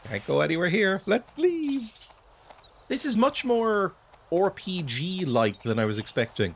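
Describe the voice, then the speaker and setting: A man's voice: a little high, wildly swooping pitch, unhurried, creaky, slight background noise. A man narrating and playing a video game with dry, self-mocking humor. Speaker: gaming YouTuber. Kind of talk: let's play commentary with scripted narration.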